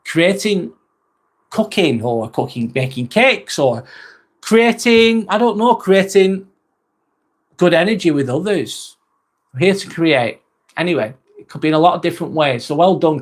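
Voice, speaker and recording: A man in his forties chats loosely through a live stream, his voice sitting a touch high. He rambles from one viewer comment to the next, with plenty of fillers and the odd casual swear word. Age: 40s. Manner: rambling and chatty, with frequent fillers and mild swearing.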